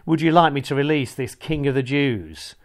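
A stern, uneasy Roman governor, as a male scripture reader puts him on, pressing his questions in a slightly raised voice. He sounds like a man reading aloud in church, just a little brighter and more forceful than his own narrating voice. The delivery stays measured and plain. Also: medium pitch, expressive, close to an everyday voice. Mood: questioning.

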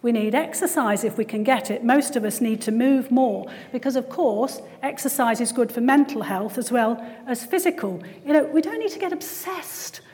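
Woman, conversational church speaker, slightly high voice, reverberant hall. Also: lively intonation, moderate pace, hardly any pauses, darkish tone. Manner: conversational, frequent tag questions. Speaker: Christian speaker and GP. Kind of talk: church talk.

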